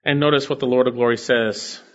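Man, pastor, expository sermon, earnest preacherly delivery, mid pitch, slightly dull lo-fi sound. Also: steady tone, a little fast. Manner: earnest, preacherly, rising to emphatic calls.

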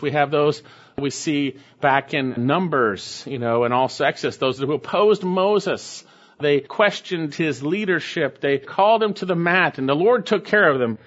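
A male pastor delivering a sermon, reading scripture slowly and then explaining it with emphatic asides. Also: a little high, fairly bright tone, highs cut off.

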